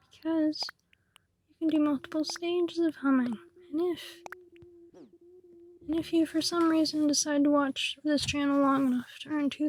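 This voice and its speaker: A high-voiced woman whispers raspy, low-key chatter while streaming a game, in a fairly level tone. Her playful, mock-grand musings stay hushed throughout. Soft guitar music plays faintly behind her. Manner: whispering softly. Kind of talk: casual gameplay chat.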